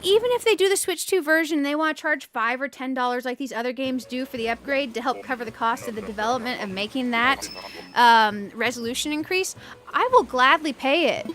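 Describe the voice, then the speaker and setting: A woman's voice: sits high, pushed and bright. A woman streaming a video game, chatting casually, reading chat aloud and ranting playfully with frequent giggles. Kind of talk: casual live-stream chat while gaming.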